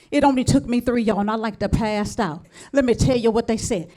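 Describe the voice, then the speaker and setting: A woman's voice: fairly high pitch, fast, few pauses, a little mellow. A female stand-up comedian chatting in a confiding way with the audience.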